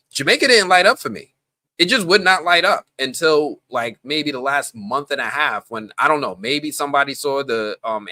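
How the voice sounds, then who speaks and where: A man's voice: on the low side, dry recording. A man from the Bronx hosting a live stream, chatting casually and rambling off on tangents. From the Bronx, New York. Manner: animated, rambling, goes off on tangents.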